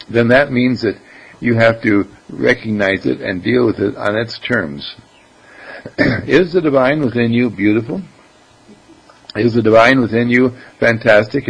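Gravelly, husky man giving a spiritual talk. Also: medium pitch, low-quality recording. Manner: rhetorical questions, conversational asides, throat clearing. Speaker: spiritual teacher.

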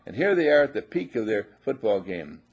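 An older man giving a sermon as a spiritual teacher, emphatic and animated, repeating his phrases and sometimes shouting. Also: fairly low pitch, a little fast, breathy edge, highs cut off.

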